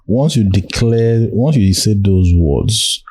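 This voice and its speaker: A man's voice: lowish voice, slow pace, darkish tone, breathy edge. A man from Nigeria hosting a podcast, chiming in with short affirmations and brief comments. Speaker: podcast host. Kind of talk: casual conversation.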